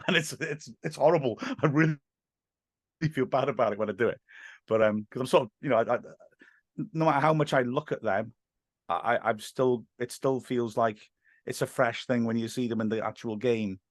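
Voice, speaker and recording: A man's voice: medium pitch, normal speed, no echo. Man, football commentator, casual anecdotes, self-mocking, dry close sound. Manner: self-deprecating, laughs often. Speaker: football match commentator, podcast guest; English teacher. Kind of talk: casual storytelling chat.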